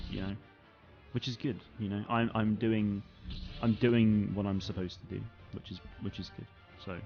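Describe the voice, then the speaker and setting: A man's voice: on the low side, dull audio. A young man hosting a live stream, chatting casually with viewers in a rambling way, full of fillers and restarts. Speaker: streamer and channel host. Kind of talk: casual live-stream chat reading comments.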